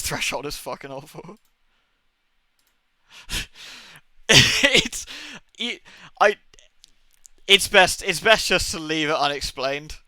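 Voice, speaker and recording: A man's voice: fairly high pitch, bright, forceful tone, dry recording. A young man chatting casually on a livestream, swearing often and laughing as he talks about old TV episodes. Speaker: streamer.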